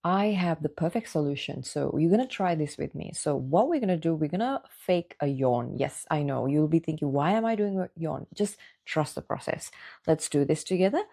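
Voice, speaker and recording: A woman's voice: sits low, lively intonation, moderate pace, creaky, mellow, breathy edge. A woman vocal coach giving a guided singing lesson, encouraging the listener and talking them through exercises step by step.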